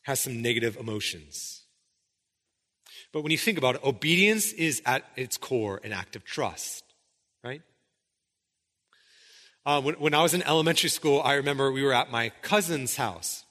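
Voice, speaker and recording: A man's voice: mid-range voice, lively intonation, moderate pace, pauses often, bright, forceful tone, long reverb tail. A male pastor preaching a sermon, emphatic, often checking in with "right?". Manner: emphatic, keeps asking "right?".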